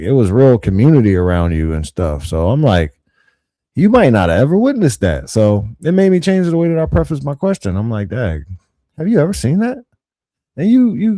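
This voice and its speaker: A man's voice: medium pitch, dry recording. A young man, telling school stories in casual, slangy chat as a podcast host and acting out what others said. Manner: animated, slangy, acts out quotes.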